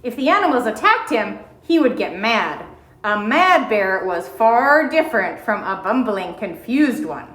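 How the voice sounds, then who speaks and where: A woman reading a children's storybook aloud in a gentle, expressive storytelling manner. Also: fairly high pitch, measured pace, echoey room, low-quality recording. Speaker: audiobook reader. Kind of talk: storybook read-aloud narration.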